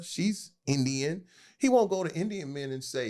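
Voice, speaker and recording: Animated man, fairly high voice. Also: moderate pace. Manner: animated, laughing, mimics voices. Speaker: podcast guest. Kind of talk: casual political chat.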